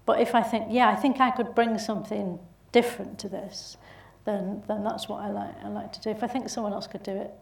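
A woman's voice: medium pitch, fairly even intonation, fairly quick, vocal fry, hardly any pauses, far from the mic. A woman with a Bolton accent, an actress telling stories as a guest in a casual interview, chatty and laughing through her anecdotes. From England. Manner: chatty, laughing storyteller with restarts. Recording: roomy sound from off mic.

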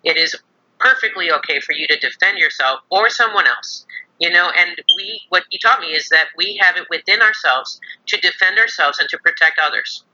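Female psychologist guest, earnest and reflective, very bright sharp tone, muffled remote-call sound. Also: lowish voice, animated, moderate pace, slight background noise. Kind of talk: casual interview chat.

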